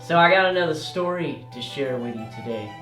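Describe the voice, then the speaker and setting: A young man tells a comedic story as host, animated and prone to yelling out the loud parts. His voice rings in a roomy space and sits a little back from the mic. Faint music plays underneath. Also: mid-range voice, recorded from a distance. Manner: animated, yelling out quoted lines and rushing through bursts.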